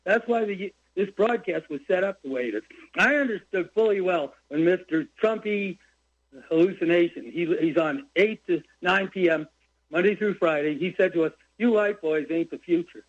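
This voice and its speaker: Older male caller, high voice, rambling heated rant, muffled phone audio. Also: moderate pace. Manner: rambling, heated, jumps between topics. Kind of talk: call-in radio rant. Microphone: phone line. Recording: dull lo-fi phone call.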